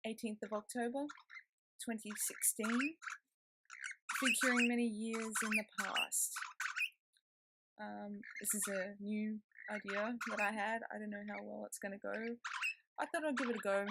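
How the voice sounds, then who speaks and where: A young woman, chatting to camera in a rambling vlog, recorded indoors on a laptop webcam mic with a noisy pet bird nearby. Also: on the high side. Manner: rambling, chatty, with frequent ums and self-talk. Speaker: vlogger. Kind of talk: casual chat to camera. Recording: loud background noise from laptop webcam.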